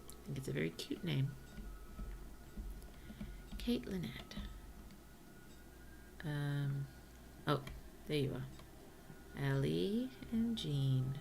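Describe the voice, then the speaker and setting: Slow, gravelly-voiced woman streamer. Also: low voice, animated, a little hiss or hum. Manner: slow, chatty, talks to the villagers, drops to soft whispers. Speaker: VTuber streamer. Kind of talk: casual gameplay commentary.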